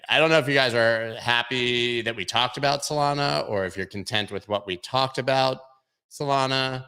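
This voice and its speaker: A man's voice: medium pitch, normal speed, pushed and bright, clean tone. A man hosting a casual crypto livestream, chatting through charts and making jokey asides to his viewers. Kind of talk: casual livestream market commentary.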